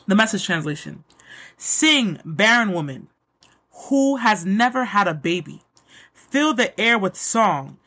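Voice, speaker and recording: A woman giving an emphatic, excitable devotional pep talk, repeating lines for emphasis and closing in prayer. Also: mid-range voice, husky. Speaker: Christian motivational speaker.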